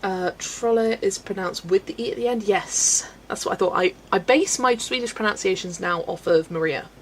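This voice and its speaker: A woman's voice: medium pitch, moderate pace, a little hiss or hum, low-quality recording. A woman from Belgium hosting a colouring livestream, chatting with viewers, laughing often and stumbling over names. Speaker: livestream host reading chat. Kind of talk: casual livestream chat. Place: home, colouring at a desk.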